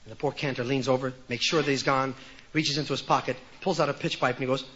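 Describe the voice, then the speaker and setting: A man telling jokes in an animated storytelling way, acting out the characters, on an old lo-fi comedy record. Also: medium pitch, quick pace, noisy background. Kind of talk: joke telling.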